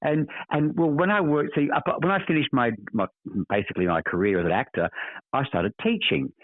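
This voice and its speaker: A man's voice: fairly high pitch, a little fast, no room sound. An older Australian actor telling stories as a podcast guest, expansive and repeating words as he searches for them. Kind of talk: casual interview anecdotes. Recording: dry tinny phone-like line.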